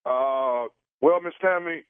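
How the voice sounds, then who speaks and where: A man making a prank phone call for a radio show, halting and stammering with many fillers. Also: mid-range voice, clear, resonant tone, no room sound. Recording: dry tinny phone line.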